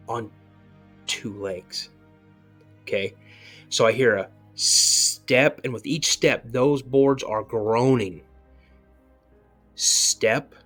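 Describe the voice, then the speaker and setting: A man's voice: medium pitch, fairly bright tone. Man rambling through a tense memory. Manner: rambling, many "you know" fillers and restarts. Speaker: podcast guest. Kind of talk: recounting a personal encounter story.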